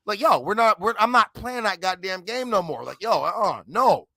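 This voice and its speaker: A man in his forties argues hard on a livestream panel, boasting and cursing. His voice sits high and has a sharp, bright edge with some gravel in it. The sound is dry and close. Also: animated, moderate pace, no room sound. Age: 40s. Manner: emphatic, profane, combative boasting. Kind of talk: heated livestream chat.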